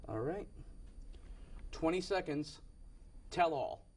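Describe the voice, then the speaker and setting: A man's voice: on the high side, animated, takes it slowly, darkish tone, slight background noise. A young man hosting a game show in a TV studio, with upbeat patter and frequent self-corrections.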